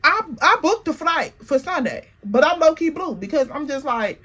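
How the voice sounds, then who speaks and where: Lively, slangy woman telling a story. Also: high-pitched, normal speed. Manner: animated, slangy, talks straight to the viewer. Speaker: storytime vlogger. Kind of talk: casual storytime.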